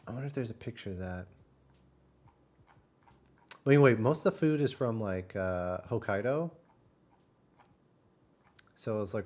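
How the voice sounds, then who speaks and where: A man's voice: fairly low pitch, darkish tone. Man rambling through a travel story. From Texas. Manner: rambling storytelling with many fillers. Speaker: streamer. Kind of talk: casual chat.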